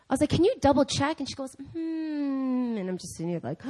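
A young woman preaching in church, telling a lively personal story and acting out the dialogue in different voices. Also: mid-range voice, normal speed, hardly any pauses. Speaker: speaker. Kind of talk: sermon storytelling.

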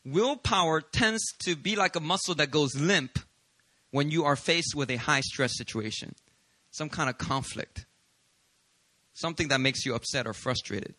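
A male pastor preaching a sermon, telling stories about himself with humor in an animated way. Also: fairly high pitch, normal speed, no echo. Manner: animated, confessional storytelling with humor.

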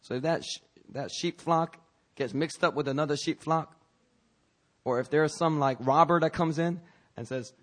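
This pastor's sermon feels informal and chatty, full of jokes on the side, phrases begun again and a few coughs. His voice runs on the high side at a moderate pace.

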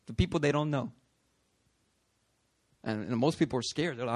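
A man preaching a sermon, animated and conversational, acting out voices in his stories. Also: medium pitch, moderate pace. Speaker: pastor.

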